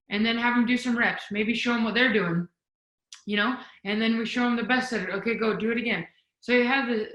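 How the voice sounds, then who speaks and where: A woman speaking as a volleyball coaching guest on a video call, energetic and emphatic, demonstrating as she talks. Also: on the high side, roomy sound, low-quality recording. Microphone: video call mic.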